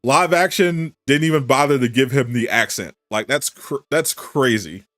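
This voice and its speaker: Male streamer, casual reaction chat, incredulous and animated, mid-range voice, dry recording. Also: medium pitch, normal speed, no echo. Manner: animated, incredulous rhetorical questions, frequent laughs.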